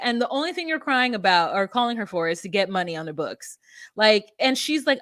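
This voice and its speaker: A woman's voice: mid-range voice, expressive, fast talker, a bit bright, no room sound, clean studio sound. A woman co-hosting a podcast, recapping a reality show in casual chat with blunt, sarcastic, freely swearing remarks. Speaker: podcast co-host.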